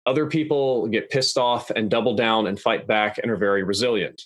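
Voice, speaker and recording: A young adult man talking in a measured, analytical, plain-spoken way as a podcast guest. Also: on the low side, fairly even intonation, a bit bright, no echo. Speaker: guest YouTuber. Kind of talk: casual podcast interview. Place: podcast studio.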